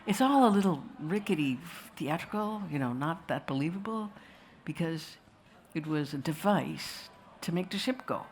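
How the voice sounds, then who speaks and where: A woman's voice: low voice, animated, normal speed, few pauses, a little hiss or hum. Wry digressive woman telling a story. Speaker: filmmaker answering questions. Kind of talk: storytelling talk to an audience. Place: festival venue with audience.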